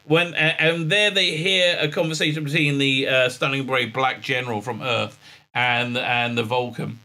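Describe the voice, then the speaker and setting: A man's voice: mid-range voice, fairly even intonation, moderate pace, pushed and bright. A man recapping a TV episode in a sarcastic, ranting tone, with many "uh"s and sighs of exasperation. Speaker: show reviewer.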